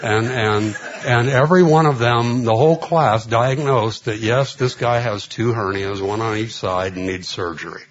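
A man's voice: mid-range voice, normal speed, hardly any pauses, dull audio. A man telling long personal stories in a sermon, full of fillers and acted-out dialogue. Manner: rambling, filler-heavy anecdotes with quoted dialogue. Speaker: preacher. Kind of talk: storytelling sermon.

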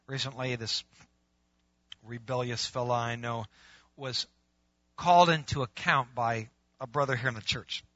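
A man's voice: mid-range voice, a little slow, long pauses, dry recording. A male pastor preaching a conversational sermon, acting out bits of dialogue. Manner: animated, conversational, acts out dialogue. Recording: muffled, dry lo-fi recording.

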